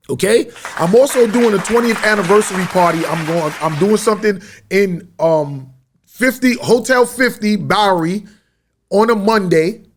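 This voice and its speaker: A man hosting his podcast in a media studio, telling a rambling story in slang-heavy street talk. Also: high-pitched. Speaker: podcast host. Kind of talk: casual storytelling monologue.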